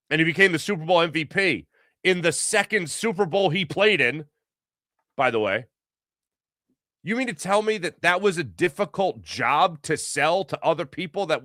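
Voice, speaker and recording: A man hosting a sports show, arguing his point in a fast, animated monologue full of rhetorical questions. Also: sits high, no room sound, clean studio sound. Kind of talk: casual sports commentary monologue.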